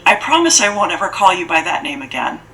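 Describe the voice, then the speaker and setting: An earnest, lonely schoolgirl from an audiobook, eager to please and quick to apologize, as a woman reader puts her on. Her voice is lifted high and childlike, with a bright edge. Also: sing-song, slight background noise, poor audio. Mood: pleading. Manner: pleading, apologetic, raised childlike pitch.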